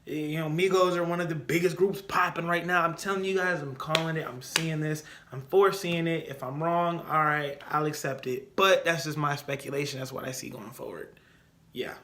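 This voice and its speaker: A young man hosting a casual solo podcast, giving opinionated and animated commentary and repeating his points for emphasis. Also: a little high, moderate pace, a little hiss or hum. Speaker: podcast host.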